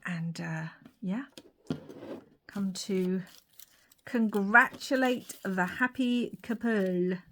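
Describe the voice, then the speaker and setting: A young woman chatting casually to her viewers while she crafts, laughing often and dropping into soft whispered asides. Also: medium pitch, extremely slow, pauses often, a little hiss or hum. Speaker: craft vlogger.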